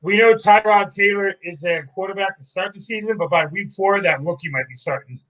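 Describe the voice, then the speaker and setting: A man with a bright, forceful, slightly high voice co-hosts a sports talk show. He runs through trades and the schedule one item at a time. His delivery stays steady and matter-of-fact. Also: a little fast, low-quality recording. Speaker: sports podcast co-host.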